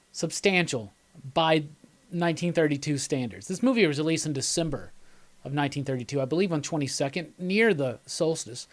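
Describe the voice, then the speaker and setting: A man hosting a live commentary, talking casually and enthusiastically, rambling and laughing as he chats with viewers. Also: a little high. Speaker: host of live movie commentary.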